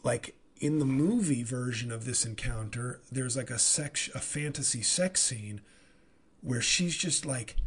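A man hosting a podcast, telling a comic story in an animated, profane, rambling way. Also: mid-range voice, unhurried, husky. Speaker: comedian and podcast host. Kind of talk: casual comedic monologue.

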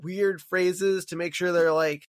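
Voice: medium pitch, slow pace. A podcast co-host recapping an episode in casual chat, asking questions and reacting. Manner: lively, questioning, chatty.

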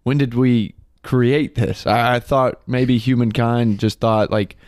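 Podcast co-host, man, 20s, joking and excitable, smooth voice, dry close sound. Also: medium pitch, slow, no echo. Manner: joking, excitable, swears freely. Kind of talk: casual chat.

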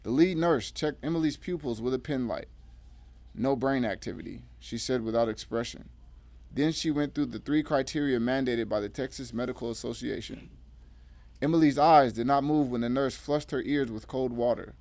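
A man's voice: medium pitch, normal speed, darkish tone, no echo. Male narrator, mid voice, dramatic read, dry. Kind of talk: dramatic fiction reading.

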